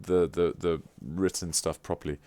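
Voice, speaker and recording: Deep, smooth-voiced man streaming live. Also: steady tone, moderate pace, warm tone. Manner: playfully teasing, effusive. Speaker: livestreamer. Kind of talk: casual live-stream chat.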